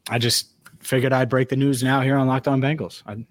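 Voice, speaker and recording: A man's voice: mid-range voice, level tone, fairly quick, dry recording. Male podcast co-host, joking, stumbles on words, dry sound. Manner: joking, laughs often, repeats words. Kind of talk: casual sports podcast chat.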